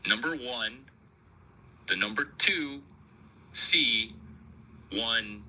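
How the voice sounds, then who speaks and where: A man riffs through a comic monologue at a slow, deliberate pace. His voice is pressed and forceful, with a sharp edge. He stays provocative and crude, often turning the joke on himself. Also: mid-range voice, rough recording. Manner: provocative, crude, self-mocking. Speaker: comedian host.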